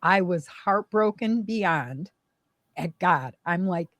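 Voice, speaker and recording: A young adult woman telling a painful personal story in conversation, emotional and animated, with many fillers. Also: mid-range voice, slow pace, no room sound, studio quality. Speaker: guest.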